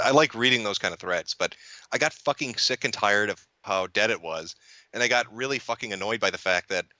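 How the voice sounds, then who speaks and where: A man talking in a casual chat, blunt, sarcastic and profane, breaking into laughs as he goes. His lowish voice has a forceful, bright edge. The sound is dry and close, with no room around it. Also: no echo. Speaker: podcast guest and commentator.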